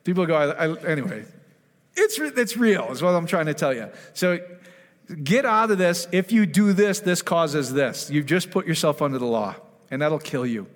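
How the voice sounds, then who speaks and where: A man preaching a conversational sermon, animated, often asking the congregation questions and acting out quotes. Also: a little high, moderate pace, big-room sound. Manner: animated, asks the audience questions, acts out quotes. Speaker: pastor.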